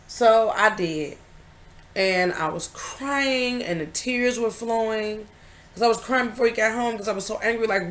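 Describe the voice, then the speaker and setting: A woman vlogger shares a candid personal story in a fairly high voice at a moderate pace. She sounds emphatic and confiding, jumping from loud stresses to hushed asides.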